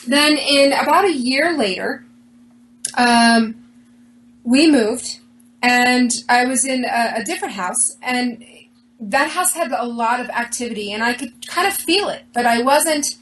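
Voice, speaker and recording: A woman with a fairly high voice tells an interviewer a personal story in an earnest, animated way. She often acts out what people said to her. A faint hum runs behind her voice. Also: a little slow, rough recording. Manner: earnest, animated retelling with quoted dialogue. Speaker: interview guest.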